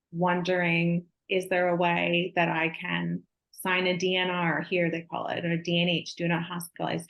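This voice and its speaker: A woman co-hosting a podcast, asking questions in an empathetic, measured way. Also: lowish voice, low-quality recording. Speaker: guest co-host. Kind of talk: podcast interview.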